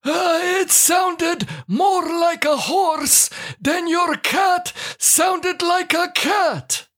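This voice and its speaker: A woman voicing a bumbling married man in a scripted comedy sketch, speaking halting broken English full of "uh" fillers. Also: extremely high pitch, a bit bright, heavily acted. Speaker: co-host of a comedy show.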